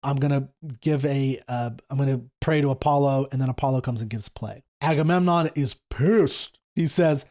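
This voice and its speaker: A middle-aged man hosting a casual lesson on an epic poem, reading quoted speeches slower and lower than his explaining. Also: a little mellow. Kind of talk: casual lecture with read-aloud quotes.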